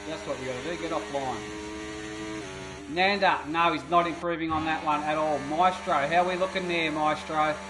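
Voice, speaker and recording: A man commentating a sim racing qualifying session, excitable and rambling with fillers. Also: on the high side. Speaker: race commentator. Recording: noisy background of engine sounds. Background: racing car engine noise.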